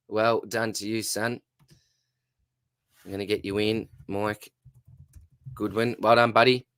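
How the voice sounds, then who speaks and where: A man hosting a channel giveaway draw, calling an online race in lively commentary while losing his voice. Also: lowish voice, clean tone, dry recording. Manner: excitable race-caller, rising and fast at the finish.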